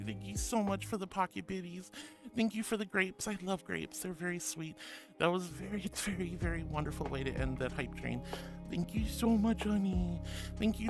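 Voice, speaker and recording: A high-pitched man chats cheerfully on his livestream, calling his viewers sweetheart and honey. He reads their messages aloud and gushes over every gift. Clear music plays underneath his voice. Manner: bubbly, affectionate, calls viewers honey and sweetheart. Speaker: streamer. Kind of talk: casual livestream chat.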